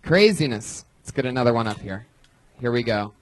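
A man hosting a live comedy show from a club stage. He fires quick, teasing questions, his voice swinging lively in pitch. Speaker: host.

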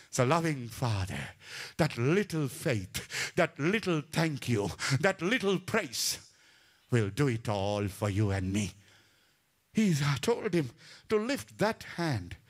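A man preaching a sermon with fervent passion, rising to shouts and dropping to hushed, low lines, often reciting scripture references. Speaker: pastor.

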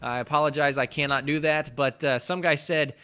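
A young man with a hoarse voice from a cold, rambling and swearing casually through his video game commentary. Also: a little high, fairly even intonation, a little fast, bright, forceful tone. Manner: rambling, profane, laughs at himself. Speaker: let's play host.

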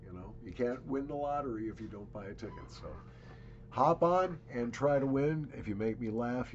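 A man's voice: mid-range voice, moderate pace, darkish tone, muffled recording. A middle-aged man hosting his own channel from his basement, announcing a giveaway in a chatty, wry way with emphatic asides. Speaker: channel host. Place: home basement.

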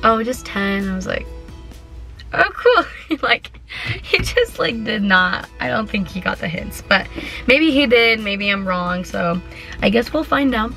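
Teen girl vlogger, bright voice, giggly, chatty, excitable, talking to camera from a car. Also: medium pitch, unhurried, creaky, soft background music. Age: teens. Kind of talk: casual vlog chat. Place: parked car. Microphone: handheld camera.

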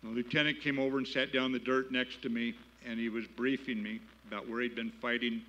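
Older male keynote speaker, mid-pitched, folksy storyteller, slightly dull lo-fi sound. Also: flat delivery, quick pace, fairly bright tone. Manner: plain-spoken, folksy, building to emphatic patriotic appeals. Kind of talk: storytelling speech. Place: gala banquet hall.

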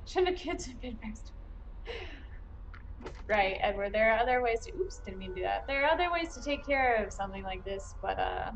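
A young woman streaming a video game live, chatting and reacting as she plays, flustered and excited at times. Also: fairly high pitch, moderate pace, slight background noise, rough recording.

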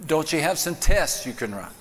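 A man's voice: fairly high pitch, very animated, moderate pace, a bit bright, pitched above the performer's own voice. A man voicing a distraught woman who pleads that her pet cannot be dead, in a long church-hall reverb. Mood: pleading. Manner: pleading, disbelieving.

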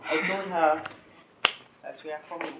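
Nigerian actress as a soft placating roommate, far off. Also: female voice, low voice, fairly even intonation, normal speed, lightly acted. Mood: calm. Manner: soft, coaxing, begging. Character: young woman roommate, soft-spoken and placating. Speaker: actress in a film. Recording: distant echoey room with faint background noise.

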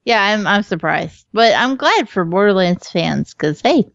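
A woman's voice: mid-range voice, sing-song, measured pace, gravelly, no echo. A woman co-hosting a podcast in casual chat, talkative, laughing often and swearing freely. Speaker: podcast co-host. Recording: slightly dull lo-fi audio.

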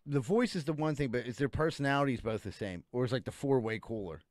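A man's voice: mid-range voice, lively intonation, fast talker, no room sound, studio quality. Laughing young man co-hosting a podcast. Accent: Pittsburgh. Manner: laughs often, loose and joking. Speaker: podcast co-host. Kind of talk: casual crude banter.

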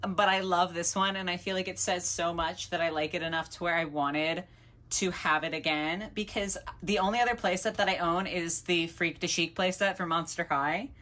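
A young woman talking casually and excitedly in a haul video, gushing and chatty. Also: fairly low pitch, normal speed. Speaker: doll collector vlogger.

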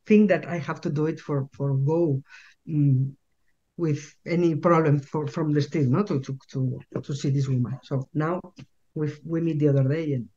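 A woman's voice: low voice, steady tone, normal speed, mellow, highs cut off. A Spanish-accented woman whose first language is Spanish, telling a story as a guest in an interview and often repeating words as she searches for the English. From Spain.

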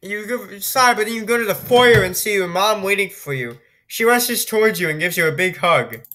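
A woman's voice: mid-range voice, lively intonation, brisk, fairly bright tone. A woman doing gameplay commentary, reading a text story aloud and reacting with incredulous, swearing, laughing remarks. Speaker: video game streamer.

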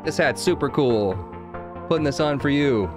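A man's voice: on the high side, moderate pace. A man streaming a video game, chatting casually with viewers, thanking them and musing aloud over items. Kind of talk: casual live game commentary. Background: game music.

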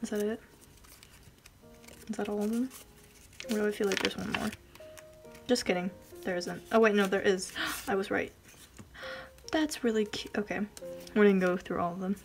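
A woman vlogger chatting casually as she unboxes a package, gushing and giggling, often dropping into soft whispers. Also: mid-range voice, moderate pace, gravelly, long pauses, over music.

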